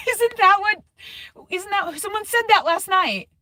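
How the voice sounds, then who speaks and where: A woman's voice: extremely high pitch, animated, slow pace, bright, forceful tone. A woman giving a rambling, emotional vlog update from a parked car, laughing often. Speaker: keto YouTuber.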